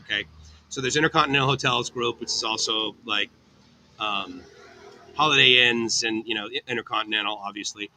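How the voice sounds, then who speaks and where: Bright-voiced chatty male livestreamer. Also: mid-range voice, a little hiss or hum, low-quality recording. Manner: chatty, upbeat, talks to viewers by name. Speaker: livestream host. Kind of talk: casual live chat reading viewer comments. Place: outdoor cafe on a tropical island.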